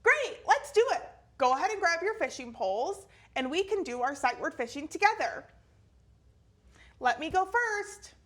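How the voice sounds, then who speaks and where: A woman teaching a children's phonics lesson, cheerful and clearly enunciating each word for young learners. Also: high voice, animated, moderate pace, pauses often, fairly bright tone.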